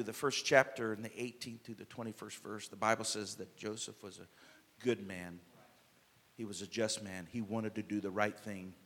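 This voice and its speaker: A man preaching a sermon as pastor, impassioned, swinging between loud and soft, with many "uh" fillers. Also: mid-range voice, long reverb tail.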